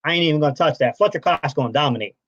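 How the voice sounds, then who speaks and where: A man co-hosting a casual fan sports stream, talking in a brash, animated way. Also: on the high side, racing, dry recording. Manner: animated, brash, says bro a lot. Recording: dull lo-fi stream audio.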